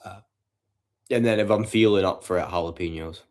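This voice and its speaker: Deep-voiced man streaming. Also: a little fast. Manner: profane, rambling banter with chat. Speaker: livestreamer. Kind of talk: casual chat with a livestream audience. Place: his home at night.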